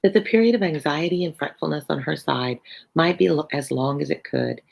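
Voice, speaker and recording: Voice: mid-range voice, very animated, brisk, vocal fry, poor audio. A teacher reading a novel aloud on a live stream, breaking off for chatty asides to viewers. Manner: chatty asides between passages.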